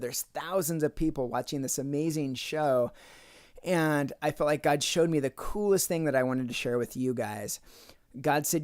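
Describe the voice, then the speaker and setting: A man's voice: on the high side, darkish tone. A man from the United States telling a personal faith story in a casual, conversational way, often acting out what people said. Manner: conversational, acts out quoted dialogue with "I'm like". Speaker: speaker sharing a faith testimony.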